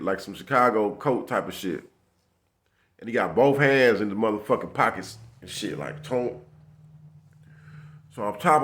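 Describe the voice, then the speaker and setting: A man recounting a tense run-in on the street, talking loosely in heavy profane slang. He acts out both sides of the exchange in quoted lines. His pitch sits in a middle range for a man. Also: fairly bright tone. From Los Angeles area. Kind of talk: casual storytelling.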